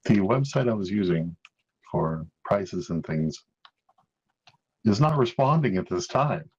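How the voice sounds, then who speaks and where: A man's voice: on the low side, lively intonation, measured pace, darkish tone, slightly rough. A man running a tabletop role-playing game as game master, making dry, joking asides. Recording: muffled lo-fi mic.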